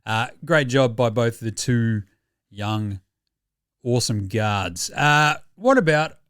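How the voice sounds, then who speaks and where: A man's voice: medium pitch, expressive, slow, fairly bright tone, smooth, no echo, clean studio sound. A young Australian man hosting a sports podcast in casual, rambling banter, swearing and laughing often. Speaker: podcast host.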